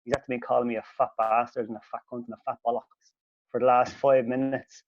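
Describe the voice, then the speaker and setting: A man telling a sweary, animated story as a podcast host, his voice jumping up when he quotes himself. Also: mid-range voice, quick pace, no room sound. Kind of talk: casual storytelling. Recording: dull lo-fi podcast audio.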